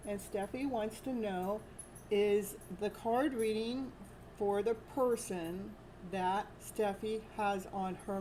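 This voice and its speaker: A woman hosting a live tarot stream from home, chatting casually and laughing often. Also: mid-range voice. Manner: slow, chatty, laughs often, baby-talks to her dog. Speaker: tarot reader and livestream host. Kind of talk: casual livestream chat. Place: at home with a dog. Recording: noticeable background noise.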